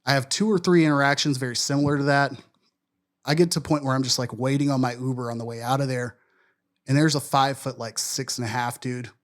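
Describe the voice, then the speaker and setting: A man's voice: medium pitch, fairly even intonation, fast talker. A man from Wisconsin, co-hosting a podcast, telling a long story in a loose, profane, self-deprecating way. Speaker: podcast co-host. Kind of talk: casual storytelling chat.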